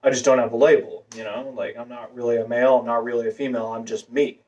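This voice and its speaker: A vlogger with a masculine voice telling a long personal story in a rambling way, full of fillers and restarts. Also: male voice, mid-range voice, flat delivery, quick pace, darkish tone, muffled recording. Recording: voice a bit far from the mic.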